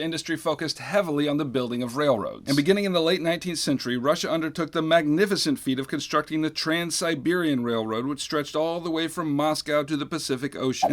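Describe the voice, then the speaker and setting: A man's voice: a little high, a bit bright. A man hosting a scripted history lesson, explaining with a wry, joking delivery. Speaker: history teacher and channel host.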